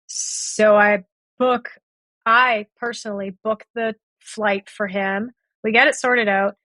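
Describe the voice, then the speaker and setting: In a medium-pitched, bright, forceful voice with fairly even intonation, a woman tells a story on a podcast at a moderate pace. She relives a past relationship by acting out both speakers, and there's no room sound.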